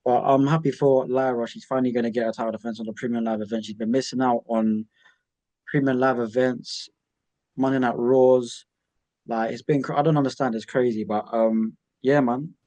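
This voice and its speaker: Mellow-voiced easygoing man co-hosting. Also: medium pitch, steady tone, normal speed. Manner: easygoing, upbeat, slangy. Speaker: podcast co-host. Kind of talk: casual wrestling chat.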